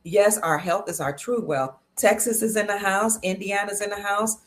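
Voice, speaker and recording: An upbeat woman from Cleveland, Ohio, hosting a live stream. She talks casually and chattily, reading out comments from viewers. Her pitch is middle-of-the-road for a woman. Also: moderate pace. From Cleveland, Ohio, USA. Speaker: livestream host. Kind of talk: casual livestream chat greeting viewers.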